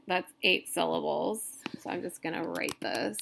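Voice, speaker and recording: A woman's voice: fairly low pitch, sing-song, measured pace, gravelly, hardly any pauses, a bit bright, slight background noise. A woman teaching a poetry class in a recorded lecture, thinking aloud, hesitant and often correcting herself. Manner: counts stresses aloud. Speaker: poetry instructor. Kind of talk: recorded screen-share lecture.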